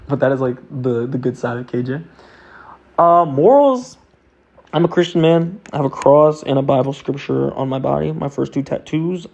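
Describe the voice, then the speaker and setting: A man's voice: medium pitch, vocal fry, darkish tone. Earnest, rambling young man, lo-fi. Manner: earnest, rambling, with many fillers. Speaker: vlogger. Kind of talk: casual self-talk monologue. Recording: dull lo-fi sound.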